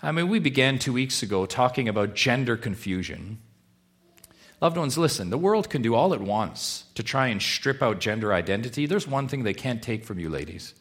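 A man preaching a sermon to his congregation, asking rhetorical questions and swinging from hushed, slow stretches to loud, emphatic ones. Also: mid-range voice, very animated. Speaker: pastor.

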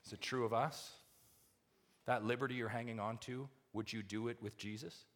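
A man preaching a sermon to his church, asking rhetorical questions and swinging from hushed asides to loud, emphatic build-ups. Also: medium pitch, steady tone, normal speed. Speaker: pastor.

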